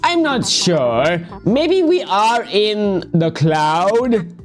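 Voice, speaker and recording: Someone playing a fed-up radish dad, dry deadpan replies, pitch swinging up and down a lot. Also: drawn-out words, faint music behind. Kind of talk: improvised game voice-over.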